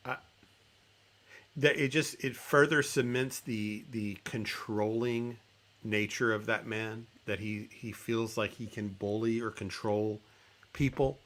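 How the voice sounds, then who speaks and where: A man hosting a podcast, talking things through in a relaxed, thoughtful way with some hedging. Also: on the low side, takes it slowly. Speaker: podcast host. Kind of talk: casual interview talk.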